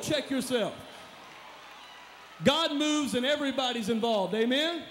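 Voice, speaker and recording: A man as a motivational speaker on stage, hyping up a live church crowd with shouted calls and responses. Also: extremely high pitch, sing-song, moderate pace, a little hiss or hum. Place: large hall at a live event. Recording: echoey hall, live event.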